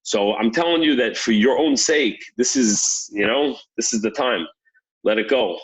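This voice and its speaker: A man's voice: mid-range voice, moderate pace, husky, low-quality recording. A man co-hosting a podcast, retelling a story in a thoughtful, casual way. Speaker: podcast co-host.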